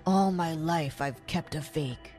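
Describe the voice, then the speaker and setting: A woman's voice: deep voice, slow, mellow, soft background music, pitched below the performer's own voice. A woman voicing a stern middle-aged father who barks orders. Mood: shaken. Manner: commanding.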